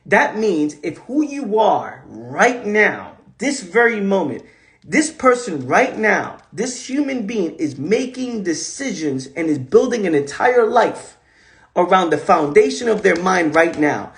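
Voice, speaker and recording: High-voiced man giving an emphatic pep talk. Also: big pitch swings, a little slow, a bit bright. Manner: emphatic, repetitive, rambling. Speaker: host. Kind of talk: casual motivational talk on a social media live stream. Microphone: phone.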